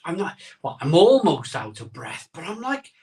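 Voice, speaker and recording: A man's voice: a little high, big pitch swings, normal speed, a little mellow, far from the mic. Chatty man, mouth burning from chili. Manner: rambling, self-interrupting, chatty. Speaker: host of a live beer-tasting stream. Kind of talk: casual live-stream chat. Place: home room, streaming live.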